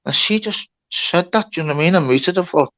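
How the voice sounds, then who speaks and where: A man's voice: on the high side, expressive, quick pace, bright, forceful tone. A man telling a long story on a livestream, with lots of swearing and reported speech. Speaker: livestream host. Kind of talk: casual storytelling.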